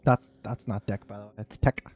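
A man's voice: on the low side, flat delivery, fairly quick, darkish tone, dry recording. Joking man chatting over a game. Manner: jokey, laughing, quotes TV shows in funny voices. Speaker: let's play co-host. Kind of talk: casual gaming chat.

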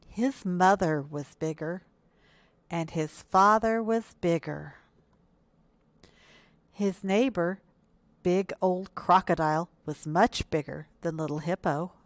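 A woman librarian reading picture books aloud for a children's storytime, speaking gently and expressively and asking the children questions. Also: on the low side, takes it slowly, pauses often, no echo. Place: indoors, recorded for video.

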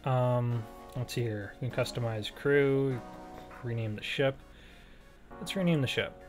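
A man talks his way through a game, thinking aloud and filling pauses as he goes. His voice sits at an ordinary middle pitch, and he slips in little self-deprecating jokes. Faint game music plays underneath. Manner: thinks aloud, rambling with many fillers. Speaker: let's play gamer. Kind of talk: casual gameplay commentary.

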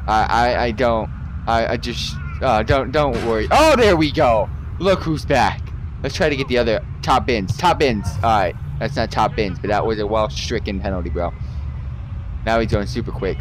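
Excitable man streaming a football game. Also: medium pitch, moderate pace, noisy background. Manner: excitable, swears and yells at misses. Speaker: gaming streamer. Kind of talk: live game commentary.

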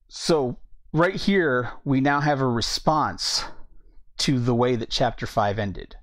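A man's voice: medium pitch, slow, fairly bright tone. A man teaching a Bible study in a casual way, thinking aloud, reading verses and often restarting his sentences. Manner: thinking aloud, reads scripture, hesitant restarts.

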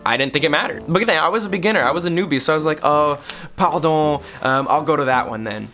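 A young man telling a story to the camera in a vlog, animated and expressive, slipping into French to mimic clerks. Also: fairly high pitch, fast, soft background music. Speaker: travel vlogger.

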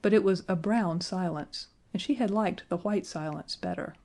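A woman narrating a children's fantasy audiobook in a gentle, measured way. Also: fairly low pitch. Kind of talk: scripted storybook narration.

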